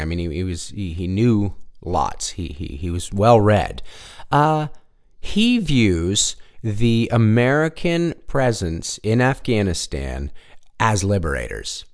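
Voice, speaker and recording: A man with a lowish voice that swings widely up and down as he tells a story solo. He rambles, trips over his own restarts and drops the odd curse, all in loose, casual chat. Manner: rambling, animated, with frequent restarts and swearing.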